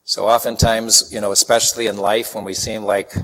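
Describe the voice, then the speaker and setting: A man's voice: lowish voice, brisk, a little hiss or hum. A man from Chicago giving a sermon, telling folksy stories and acting out the people in them. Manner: folksy, animated anecdotes with acted-out quotes. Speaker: preacher. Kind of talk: sermon with storytelling. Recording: long hall reverb.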